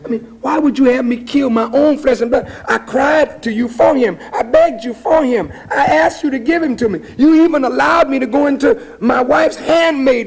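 A preacher voicing a pleading old patriarch. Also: male voice, sits high, a little mellow, slightly rough, voice pushed up, heavily acted. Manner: pleading, incredulous.

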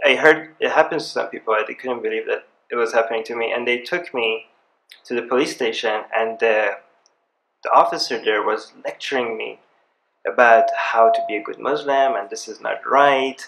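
A man, speaking on a live university panel and telling personal stories with rising excitement. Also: medium pitch, moderate pace, vocal fry, slight background noise, poor audio. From Iran. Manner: animated storyteller, grows excited. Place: university event room.

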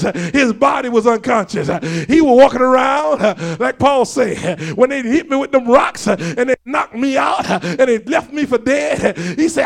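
High gravelly preaching man. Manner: preaching with rising shouts and a "huh?" after phrases. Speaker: pastor. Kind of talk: sermon. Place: church.

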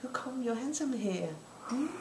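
An older grandmother talking baby talk in a sing-song, coaxing way, now and then dropping to soft whispers. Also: high voice, expressive, moderate pace. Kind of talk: baby talk while feeding a child. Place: home, indoors. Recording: echoey home room with background noise.

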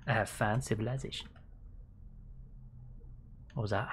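A woman streamer giving live commentary on a horror game, jumpy and swearing, sliding between hushed whispers and startled yelps. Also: a bass voice, lively intonation, moderate pace, pauses often, husky. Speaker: virtual streamer.

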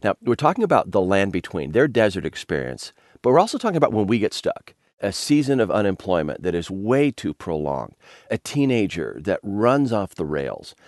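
A man with a very low voice that still moves up and down a lot, leading a chat about scripture like a storyteller. The recording is close and dry, as in a small studio. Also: very animated, normal speed, a little mellow, no echo. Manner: storytelling, directs others playfully. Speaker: pastor and author, guest. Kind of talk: conversational Bible teaching.

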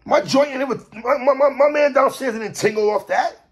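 A man hosting a podcast, ranting in animated commentary, stammering, repeating himself and shouting for emphasis. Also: very high-pitched, a little fast. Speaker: podcast host.

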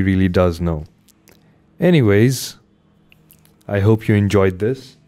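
A man reading a classic novel aloud, carefully and unhurried, then chatting casually to listeners. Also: on the low side, dark tone. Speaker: audiobook reader. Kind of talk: amateur audiobook reading and casual sign-off.

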